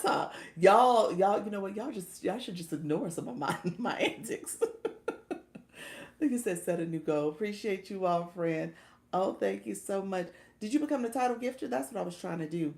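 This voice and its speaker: A woman's voice: medium pitch, lively intonation, moderate pace, creaky, darkish tone, reverberant. A woman coaching new livestreamers in a casual chat, laughing often and thanking viewers as she reads their comments.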